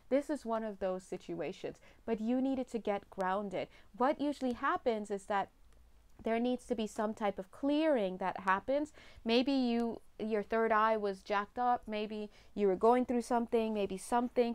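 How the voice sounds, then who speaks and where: A woman's voice: fairly high pitch, smooth. A woman giving a chatty, casual tarot reading, laughing often. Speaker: tarot reader.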